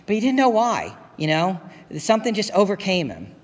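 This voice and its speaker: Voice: medium pitch, wildly swooping pitch, normal speed. A pastor preaching a sermon in an earnest, conversational way, repeating key phrases. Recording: long reverb of a hall.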